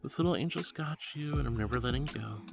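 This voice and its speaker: A man voicing a soothing gentle angel in whispered role-play, soft and hushed. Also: medium pitch, fast talker, creaky, faint music behind, voice pushed down, natural voice.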